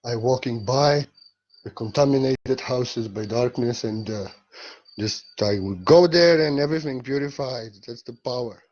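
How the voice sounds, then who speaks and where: Gentle man giving a rambling spiritual talk. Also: mid-range voice, highs cut off. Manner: gentle, rambling, halting non-native English. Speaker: spiritual teacher.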